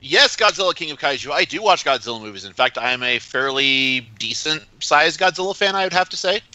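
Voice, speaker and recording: Guest on a podcast call, man, sharp bright tone, playful deadpan. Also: fairly high pitch, a little fast, no echo. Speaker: guest artist. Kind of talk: casual podcast chat. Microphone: remote call.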